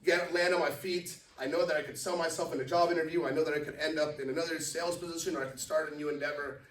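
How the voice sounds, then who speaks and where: A man's voice: on the high side, steady tone, quick pace, fairly bright tone, distant mic. Man presenting in an echoey room. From Los Angeles. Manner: conversational, keeps checking in with "right?". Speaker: company CEO presenting to a business network. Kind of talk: live business presentation. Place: meeting room. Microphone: far from the mic.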